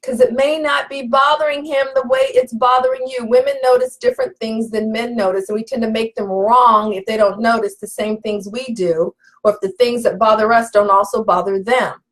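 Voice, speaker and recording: A woman relationship coach speaks emphatically and preacherly in a live session, addressing her audience directly. Her voice is fairly high-pitched, at normal speed with few pauses.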